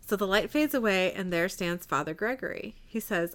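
A woman's voice: medium pitch, animated, normal speed, few pauses. A woman co-hosting a casual chat who retells a TV episode scene by scene and reads the characters' lines in her own voice, often breaking into giggles. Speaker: podcast co-host recapping a TV episode.

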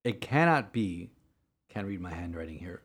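A man, a priest co-hosting a podcast, telling a story earnestly in halting sentences full of restarts. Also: sits low, expressive, breathy edge. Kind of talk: casual podcast chat.

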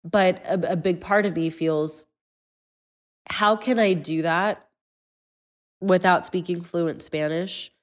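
A woman's voice: lowish voice, steady tone, slow, pauses often. A woman in her thirties hosting an interview podcast, talking earnestly and personally. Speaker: podcast host. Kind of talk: conversational interview.

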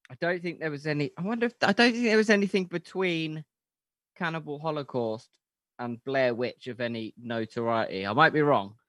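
A man's voice: fairly high pitch, fairly quick, fairly bright tone, no echo. A man co-hosting a film podcast, laid-back and casually swearing. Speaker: podcast co-host.

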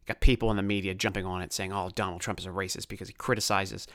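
A man's voice: deep voice, level tone, fast talker, hardly any pauses, fairly bright tone, dry recording, clean studio sound. Impassioned man ranting on a podcast. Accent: Baltimore. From Baltimore, USA. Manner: passionate, ranting, swears, voice rising and falling. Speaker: podcast host.

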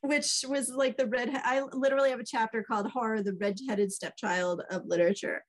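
Woman telling lively stories. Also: a little high, fairly quick. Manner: animated, acts out quoted dialogue. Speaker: author guest. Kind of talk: casual storytelling chat.

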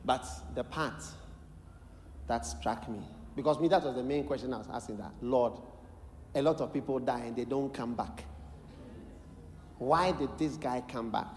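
A man with a Ghanaian English accent preaching a sermon, telling a story with lively acted-out voices and bursts of shouted prayer. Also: mid-range voice, moderate pace, long pauses, a little hiss or hum. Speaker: bishop preaching. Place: large church hall. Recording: echoey large hall, live sermon.

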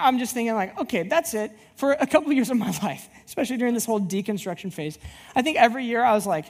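A woman's voice: on the high side, fast talker, husky. A woman youth pastor giving a sermon, telling personal stories and acting out the dialogue. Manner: animated storyteller who acts out dialogue.

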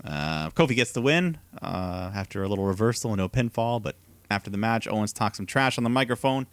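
A man's voice: fairly low pitch, expressive, a little fast, no echo. A man co-hosting a casual podcast, eagerly retelling events play-by-play and laughing often. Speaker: podcast co-host. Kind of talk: casual recap chat.

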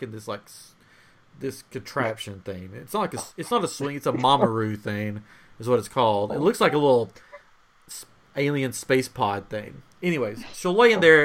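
A young man on a podcast telling a long family story in casual chat, animated and laughing as he acts out voices. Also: mid-range voice. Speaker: podcast host.

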